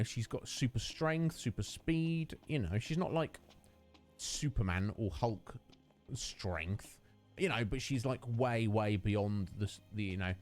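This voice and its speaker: A man's voice: on the low side, darkish tone. A man streaming a video game, chatting casually and rambling through a rant with lots of fillers. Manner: rambling, ranting, many fillers.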